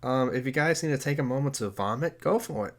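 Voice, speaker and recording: A man's voice: medium pitch, lively intonation, fast talker. A man reading a bad fanfic aloud with sarcastic, exasperated comic asides. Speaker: comedy reviewer reading fanfic. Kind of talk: mocking commentary on a reading. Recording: music playing behind.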